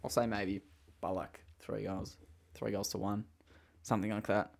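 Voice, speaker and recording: A young Australian man hosting a casual football tipping chat, relaxed and quick to laugh. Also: fairly low pitch, creaky. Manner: relaxed, leads the segments, laughs easily. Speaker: podcast host.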